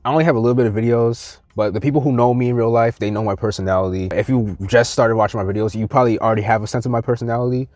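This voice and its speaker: A man's voice: mid-range voice, fairly even intonation, racing, few pauses, darkish tone, no echo, clean studio sound. A young man vlogging a heated, profane rant to the camera, mocking other people in quoted voices. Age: young adult.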